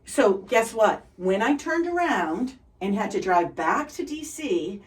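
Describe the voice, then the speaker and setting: A middle-aged woman with a Boston accent tells stories as an interview guest, bright with relentless positivity. Her voice sits at an ordinary pitch and sounds set back from the microphone. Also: big pitch swings, measured pace, distant mic, poor audio. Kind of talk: upbeat storytelling in conversation.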